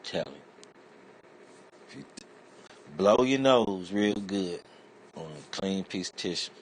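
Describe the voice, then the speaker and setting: This man talks from very low in his chest, loose and rambling as he spins out a comic rant full of cursing. He drifts from point to point in a streetwise, offhand way. A faint hum of noise sits under his voice. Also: lively intonation, takes it slowly. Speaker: internet comedian. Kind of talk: comedic rant monologue.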